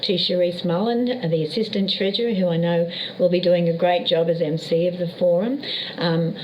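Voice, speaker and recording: A woman minister giving a formal address remotely, speaking warmly with frequent fillers. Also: fairly low pitch, steady tone, normal speed. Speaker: government minister. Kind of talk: formal address by video link. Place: remote, not at the venue. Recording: dull lo-fi remote feed, faint noise.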